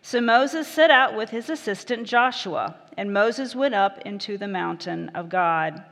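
A woman pastor reads scripture and preaches in a measured, gentle manner, her voice sitting at a medium, middle-register pitch. A long reverb from the church hall trails after each phrase.

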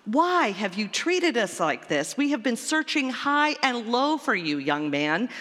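A woman's voice: mid-range voice, animated, a little slow, fairly bright tone. A woman voicing frantic, distraught parents. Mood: scolding. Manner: frantic, pleading. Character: distraught parents searching for their lost son. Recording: long church reverb.

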